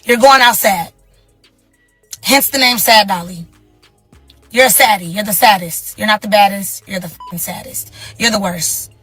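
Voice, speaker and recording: A woman's voice: mid-range voice, moderate pace, long pauses, a bit bright, slightly rough, no room sound, soft background music. A woman, a reality show cast member, giving a blunt, mocking confessional rant full of insults.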